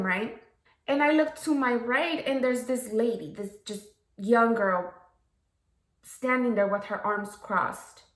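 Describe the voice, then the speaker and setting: A woman telling a story while doing a makeup tutorial, frank and profane, often checking in with "okay?" and "right?". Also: a little high. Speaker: makeup vlogger. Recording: echoey room.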